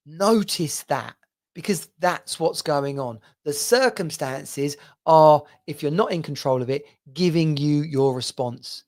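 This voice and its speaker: A man's voice: a little high, measured pace, darkish tone. A man hosting a podcast, giving an earnest motivational monologue as a men's coach and speaking straight to the listener.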